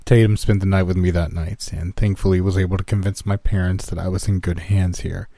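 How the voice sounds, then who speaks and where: Casting: low-voiced male horror narrator, warm dark tone, dry close mic. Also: a little fast, dry recording. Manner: calm storytelling, lifts pitch for quoted characters.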